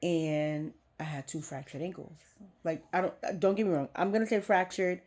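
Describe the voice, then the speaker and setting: A woman's voice: on the low side, fairly even intonation, normal speed, a little mellow. A young adult woman vlogger frankly telling a personal story, emotional and swearing casually.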